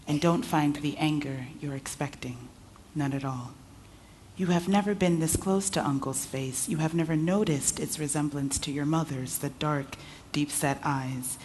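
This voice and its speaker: A woman author reading her fiction aloud at a festival in a measured, intimate voice. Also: deep voice, darkish tone, a little hiss or hum. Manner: measured, intimate second-person narration. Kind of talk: literary reading. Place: literature festival event.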